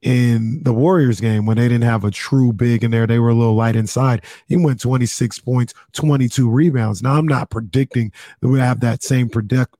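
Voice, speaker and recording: A man's voice: mid-range voice, steady tone, moderate pace, few pauses, warm tone, dry recording, studio quality. A man co-hosting a sports talk show, easygoing and analytical, who laughs often. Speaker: sports radio co-host.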